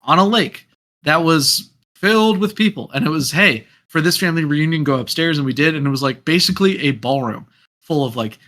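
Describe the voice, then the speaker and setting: A man hosting a podcast, telling a story in a lively, casual way and acting out what people said. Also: fairly high pitch, a little fast. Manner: animated storyteller who acts out quotes. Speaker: podcast host.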